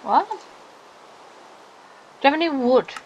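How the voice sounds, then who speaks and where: Excitable woman playing a game. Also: high voice, a little slow, muffled recording, slight background noise. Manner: playful, silly, excitable. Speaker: gaming streamer. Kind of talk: casual gameplay chatter.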